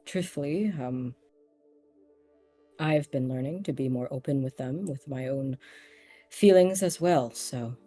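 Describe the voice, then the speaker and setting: Woman voicing a soft-spoken reserved executive. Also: a bass voice, soft background music. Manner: quiet, measured, hesitant. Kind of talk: tabletop role-play voicing.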